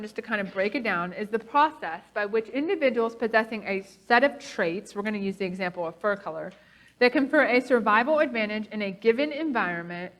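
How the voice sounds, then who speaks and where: A woman giving a lecture presentation, animated and emphatic, checking in with the audience with frequent "okay?" and "right?", sometimes sardonic. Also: on the high side. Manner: sardonic, laughs at opposing claims.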